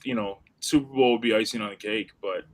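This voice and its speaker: A man's voice: on the low side, fairly even intonation, brisk, poor audio. A man co-hosting a casual sports chat in a laid-back, slangy way. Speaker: co-host.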